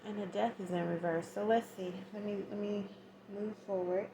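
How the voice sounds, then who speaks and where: A woman's voice: mid-range voice, steady tone, normal speed, noisy background. A woman giving a casual tarot reading, chatty and slangy, acting out little scenes as she goes. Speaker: tarot reader.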